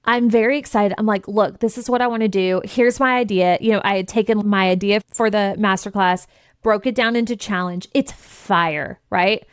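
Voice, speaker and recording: A woman's voice: medium pitch, moderate pace, clean tone, no room sound, clean studio sound. A woman hosting a podcast who tells stories with lots of expression, swears freely and acts out conversations in different voices. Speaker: podcast host and business coach. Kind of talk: candid storytelling monologue.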